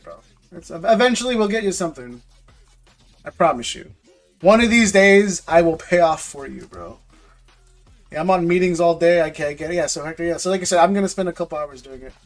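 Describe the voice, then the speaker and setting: A man's voice: on the high side, fairly quick, soft background music. A man selling trading card packs on a live stream, chatting casually with viewers and calling them bro. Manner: laid-back, talks to viewers as bro. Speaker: livestream card seller.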